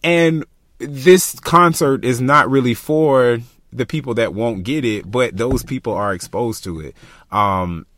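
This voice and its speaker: A young man from Florida, co-hosting a podcast in casual chat, passionate and animated, thinking aloud with lots of fillers. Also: mid-range voice, a little slow, no echo, clean studio sound. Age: young adult. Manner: passionate, animated, talks through ideas with many fillers. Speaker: podcast co-host.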